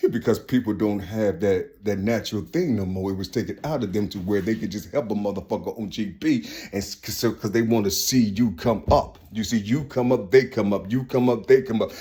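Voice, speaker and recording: A man's voice: on the low side, darkish tone. A man talking in a rambling, profane spoken monologue full of street slang, slipping into voices of the people he describes.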